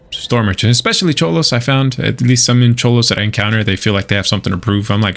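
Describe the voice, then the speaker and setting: A man's voice: lowish voice, fast talker, vocal fry, a bit bright. A middle-aged man streaming a video game, telling a long story in casual chat, swearing freely and restarting his sentences. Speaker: gaming streamer. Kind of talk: casual livestream chat over gameplay.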